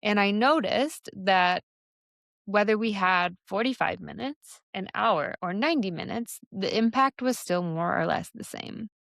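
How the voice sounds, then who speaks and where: A woman's voice: medium pitch, measured pace, creaky, a bit bright, no echo, clean studio sound. A young adult woman hosting a solo podcast, talking candidly about her coaching work in a loose, conversational way with lots of fillers. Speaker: podcast host and somatic embodiment coach. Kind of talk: reflective solo podcast monologue.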